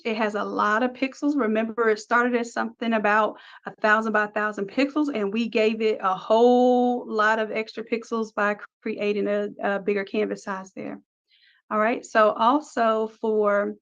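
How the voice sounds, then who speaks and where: Woman, design tutorial instructor, upbeat step-by-step walkthrough, higher voice, dull lo-fi mic. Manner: upbeat, talks through each click step by step. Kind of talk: screen-recorded software tutorial.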